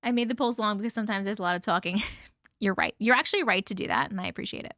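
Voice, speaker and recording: A woman with a mid-range, fairly bright voice hosts a livestream, talking rapid-fire in a dry, studio-quality recording. She chats casually and reads viewer stories aloud, laughing often and swearing now and then.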